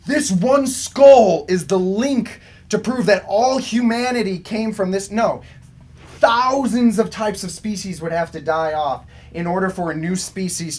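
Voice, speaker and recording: A man teaching a youth group a casual Bible lesson, chatting with asides and questions to the group. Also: a little high.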